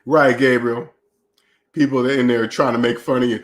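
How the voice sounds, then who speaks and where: Reading chat on his livestream, a channel host delivers a preachy, mocking rant in a voice still recovering from a cold. His pitch is medium, his delivery flat, and his pace moderate.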